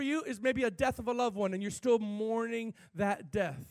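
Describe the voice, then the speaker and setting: A man, a pastor, preaching a sermon, swinging from shouted, fervent peaks to quiet, hushed storytelling. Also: high-pitched, normal speed, few pauses, no room sound.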